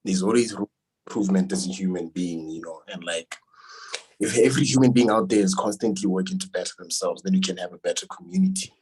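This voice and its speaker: A man's voice: low voice, animated, fast, a little mellow, slight background noise, rough recording. A man speaking as a podcast guest in a casual chat, easygoing and reflective as he gives advice.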